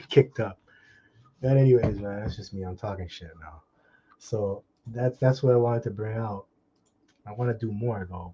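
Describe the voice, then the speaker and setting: A man preaching from scripture, reading verses slowly and then breaking into crude, mocking commentary. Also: fairly low pitch, mellow, slightly rough. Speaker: street preacher. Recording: dull lo-fi sound.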